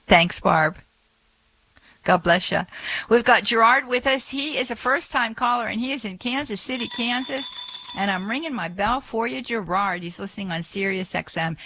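A woman's voice: medium pitch, sharp tone, no echo, poor audio. A middle-aged woman hosting a call-in radio show, chatty and full of fillers and small laughs. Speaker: radio host.

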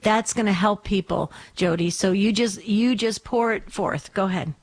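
A woman's voice: medium pitch, normal speed. Encouraging woman hosting a call-in show. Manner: encouraging, earnest, warmly inviting. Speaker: radio show host.

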